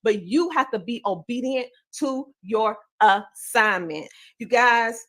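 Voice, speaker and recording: High-voiced woman with a Southern twang. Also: expressive, takes it slowly, a bit bright. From Southern United States. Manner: preacher-like, emphatic and repetitive. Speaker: podcaster and coach. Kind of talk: motivational speech.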